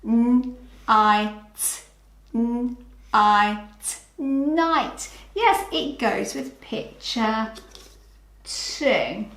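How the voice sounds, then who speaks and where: A woman's voice: a little high, drawn-out words, pauses often, a bit bright, roomy sound. A woman with a British accent teaching children phonics, patient and encouraging, sounding out letters one by one. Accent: British English. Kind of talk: slow, clear early-years phonics lesson.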